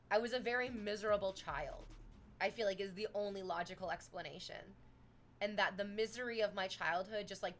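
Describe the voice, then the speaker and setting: A woman's voice: mid-range voice, slight background noise. Chatty young woman streamer. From Canada. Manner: chatty, swears freely, animated storytelling. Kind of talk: casual chat with live chat.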